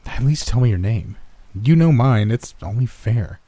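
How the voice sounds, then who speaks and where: A man voicing a startled young man who stammers and rushes out his questions. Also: mid-range voice, lively intonation, mellow, dry recording, voice pushed up, lightly acted. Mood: flustered.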